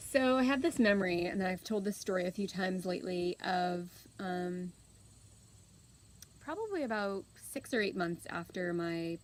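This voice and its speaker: A woman in her thirties, hosting, telling a personal story in an open, earnest, unhurried way with soft pauses. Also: on the low side, low-quality recording. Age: 30s. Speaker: host.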